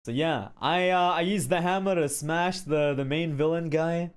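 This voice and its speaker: A man streaming casually, telling a story with animated shouted sound effects and frequent filler check-ins. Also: a little high, normal speed, clear, resonant tone.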